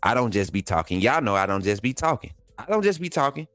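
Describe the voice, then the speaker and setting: A man hosting a sports livestream, hyping players and reading chat, excitable and repeating himself in casual slang. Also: medium pitch, quick pace, dry recording, faint music behind. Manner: excitable, hypes players, talks straight to viewers; repeats phrases, casual colloquial speech. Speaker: sports channel host.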